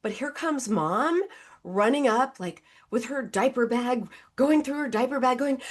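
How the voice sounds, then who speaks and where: A woman's voice: high voice, normal speed. A middle-aged woman, a therapist who is the guest expert, tells stories in a conversational way and acts out the people in them, heard over a video call. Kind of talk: conversational storytelling.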